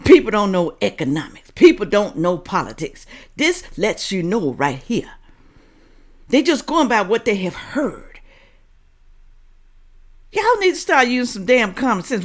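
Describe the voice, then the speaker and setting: A woman's voice: sing-song, normal speed. Woman ranting on her reaction channel, blunt and scolding, voice all over the place. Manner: blunt, scolding, swings from low asides to loud outbursts. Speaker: reaction video host. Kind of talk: opinionated commentary.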